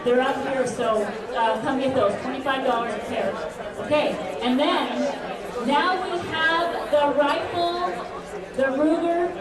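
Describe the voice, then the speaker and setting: A woman running a live auction at an evening gala, briskly calling out bids and prices. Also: high-pitched. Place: large hall at an evening gala. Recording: roomy hall, distant, loud crowd.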